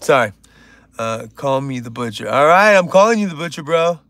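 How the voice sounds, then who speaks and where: A man's voice: a little high, animated, moderate pace, a bit bright, no echo. A man hosting a casual livestream, joking, rambling and reading chat aloud. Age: older. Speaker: livestream host.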